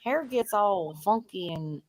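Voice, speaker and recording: A woman's voice: mid-range voice, lively intonation. A woman from Tennessee, hosting a casual late-night stream chat, bubbly and laughing often. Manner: bubbly, laughs a lot, drawn-out words. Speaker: live stream host.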